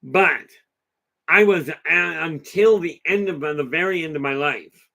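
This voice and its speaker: A slightly high, creaky, bright voice with a forceful tone belongs to a man hosting an informal live talk at a somewhat slow pace. He rambles chattily through a long story, answering viewer comments and restarting and digressing often.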